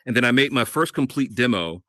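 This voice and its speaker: Bright-voiced man telling his story. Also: mid-range voice, fairly quick, dry recording. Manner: animated storyteller, laughs often. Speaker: guest, radio host and voiceover artist. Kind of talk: casual interview storytelling.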